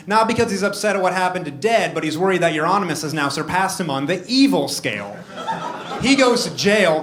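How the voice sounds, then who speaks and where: A man performing a stand-up comedy set in an animated way, often shouting. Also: sits high. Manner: animated, jumps to shouted punchlines. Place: comedy club stage. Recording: echoey, noisy live club recording.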